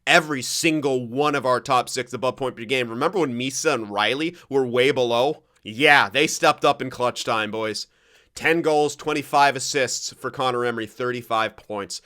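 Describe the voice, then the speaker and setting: Brief: young male gamer commentator, bright clear voice, hype then grumpy, lots of cursing. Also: medium pitch, moderate pace. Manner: excitable, swears often, swings between shouting and grumbling. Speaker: gaming commentator. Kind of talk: live game commentary.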